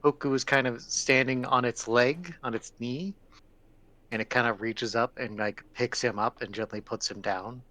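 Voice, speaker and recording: A man's voice: mid-range voice, normal speed, bright, forceful tone. A man narrating a tabletop game as game master, describing scenes casually and with many self-corrections.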